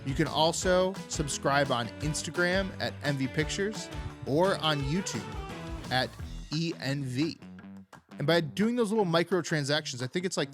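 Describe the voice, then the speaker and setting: A young man hosting a political comedy podcast, talking in a rambling, sarcastic way with lots of filler words. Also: a little high. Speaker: podcast host. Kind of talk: unfiltered political comedy monologue.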